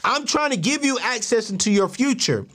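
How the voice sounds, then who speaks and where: A man's voice: very high voice, animated, normal speed, a bit bright, pitched above the performer's own voice, heavily acted. A man voicing God as a patient, fatherly figure who speaks earnestly and casually. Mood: urging.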